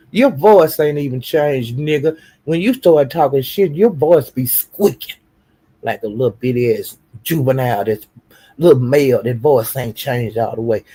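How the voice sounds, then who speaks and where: A man ranting on a live stream, taunting someone with profane insults and slow, drawn-out jabs. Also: medium pitch, expressive, dark tone, breathy edge. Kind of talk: heated live-stream rant.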